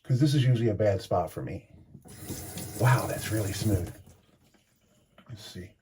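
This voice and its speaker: Over a noisy background, a man shaves on camera and wanders through a chatty story, stopping himself to make comments. His pitch is fairly low and his delivery unhurried.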